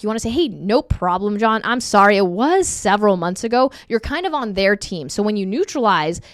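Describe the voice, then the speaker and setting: Brief: woman sales trainer on a video call, smooth clear voice, casual coaching tone. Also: medium pitch, no echo, studio quality. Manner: upbeat and conversational, acts out sample calls. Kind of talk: screen-share training session.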